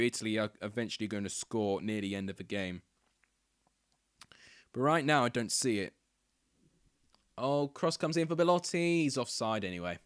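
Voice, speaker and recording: A young man hosting a football watchalong, chatting casually and calling the match live, getting loud and excited when chances come close. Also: medium pitch, no echo. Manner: chatty, rambling, bursts into excited shouts at near misses.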